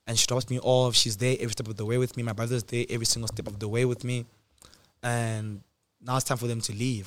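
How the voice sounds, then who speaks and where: A young man telling a personal story in casual talk, laughing often and acting out the people in it. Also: medium pitch. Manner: animated, laughs often, acts out doctors' lines. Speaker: host.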